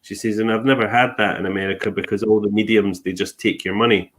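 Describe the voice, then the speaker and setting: A man's voice: fairly low pitch, fairly even intonation, fast. A man, a host and medium, telling a story in casual chat and acting out the people he quotes. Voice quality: laughs easily, acts out quoted people.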